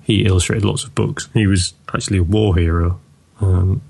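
Low, gravelly man chatting casually. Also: steady tone, moderate pace, warm tone. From England. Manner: hesitant, lots of ums and you-knows. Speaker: podcast co-host. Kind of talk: casual chat.

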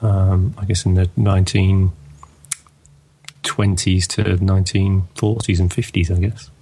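A man co-hosting a podcast, talking casually and hesitantly, with lots of pauses and fillers. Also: sits low, flat delivery, dark tone, slight background noise. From England. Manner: hesitant, lots of ums and you-knows. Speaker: podcast co-host. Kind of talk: casual chat.

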